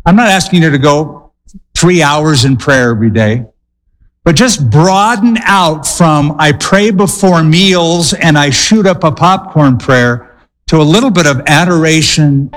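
A male pastor preaching a sermon, telling stories with dramatic pauses and quick bursts. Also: on the high side, big-room sound, poor audio.

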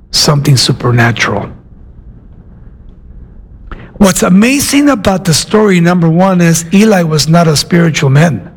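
A man preaching a sermon, retelling a Bible story with dramatic changes of pace. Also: high-pitched.

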